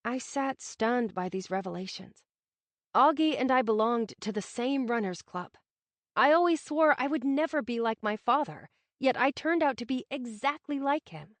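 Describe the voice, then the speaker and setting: A woman narrating a first-person romantic novel as an audiobook, reading with expressive feeling. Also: a little high, normal speed, no room sound.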